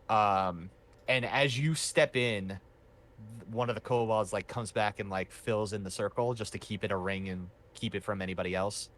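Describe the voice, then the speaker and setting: A man's voice: on the low side, moderate pace, a bit bright. A man running a tabletop game as game master, narrating loosely with many fillers.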